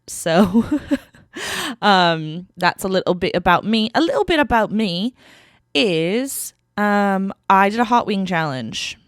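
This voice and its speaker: Woman, young adult, podcast host, casual rambling chat, low-ish voice, dry studio sound. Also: moderate pace, smooth, no room sound. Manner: rambling, chatty, heavy on fillers. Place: small home podcast studio. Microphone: studio mic.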